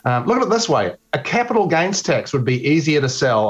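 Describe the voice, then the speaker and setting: A New man, a radio host on a panel, animated, exasperated and jokey. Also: fairly high pitch, fairly quick, lo-fi sound. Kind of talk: talk radio panel chat.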